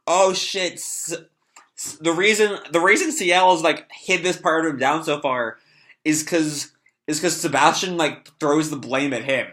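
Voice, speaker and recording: A man's voice: on the high side, lively intonation, normal speed, sharp tone. A man rambling casually through a live reaction to a comic, full of fillers and casual swearing, with a stuffy nose. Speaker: channel host reacting to a manga chapter.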